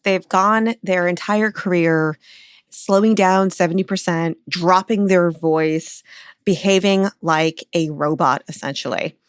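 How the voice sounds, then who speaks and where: A woman's voice: lowish voice, a little slow, smooth, no room sound, studio quality. A woman co-hosting a podcast interview, asking engaged questions. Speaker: podcast co-host.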